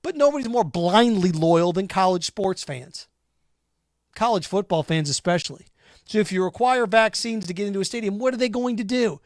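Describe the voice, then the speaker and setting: A man with a high, bright-pitched voice rants through a sports talk monologue, combative and sarcastic. He fires rhetorical questions and scoffs at his critics. The sound is dry and close. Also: lively intonation, normal speed, no room sound. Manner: combative, sarcastic, mocks imagined callers in put-on voices. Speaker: sports radio host.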